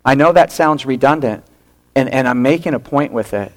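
Speaking at a moderate pace in a mid-range voice, a pastor recounts a story in his sermon. He brings the quotes to life by acting them out and lowers to a hush to stress key moments.

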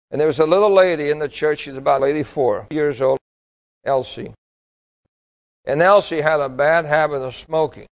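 A pastor from New York City preaching a sermon, emphatic and full of rhetorical questions to the congregation. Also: male voice, high-pitched, low-quality recording.

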